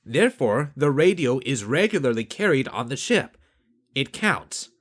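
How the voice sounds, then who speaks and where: A man voicing a clever young crewman who argues regulations in a calm, methodical way. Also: medium pitch, moderate pace. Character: clever young man, precise crew accountant.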